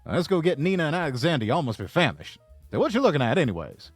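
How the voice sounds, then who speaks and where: A man doing a pompous, loud old cartoon rooster in a put-on Southern drawl, stammering "I say, boy" as he lectures. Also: on the high side, very animated, rapid-fire, husky, no echo, soft background music. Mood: lecturing. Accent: American Southern (put on).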